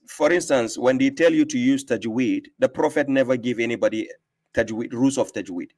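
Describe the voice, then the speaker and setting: A man's voice: medium pitch, normal speed, a little mellow. A man in middle register who is hosting a live stream and lecturing with emphasis. He drives his points home with rhetorical questions and repetition, pressing his listener to follow along. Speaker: host giving talks on religion. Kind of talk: casual debate on a live stream.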